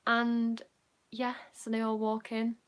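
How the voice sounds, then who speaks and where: A young woman with a Yorkshire accent, telling a casual storytime, rambling with lots of "like" fillers and sinking quieter when she recalls feeling nervous. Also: on the high side, monotone, slow, smooth. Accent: Yorkshire English. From Yorkshire, England. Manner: chatty, rambling, many "like" fillers, drops quieter when recounting nerves. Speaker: vlogger.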